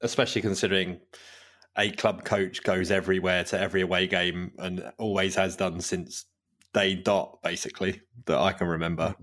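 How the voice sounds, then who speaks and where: Guy with a really low voice, rambly football chat, lots of pauses. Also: little pitch movement, a bit bright. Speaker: podcast co-host. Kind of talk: casual football podcast chat.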